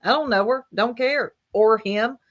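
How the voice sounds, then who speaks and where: A woman's voice: fairly high pitch, a little slow. Sarcastic woman mocking a clip. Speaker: commentary streamer. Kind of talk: reaction commentary on a clip.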